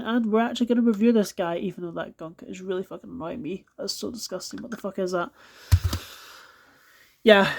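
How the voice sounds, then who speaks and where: Swearing, exasperated Scottish woman unboxing. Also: medium pitch. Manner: swears constantly, exasperated, keeps apologizing. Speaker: toy collector reviewing die-cast cars. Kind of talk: casual unboxing vlog. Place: at home, indoors on a carpeted floor.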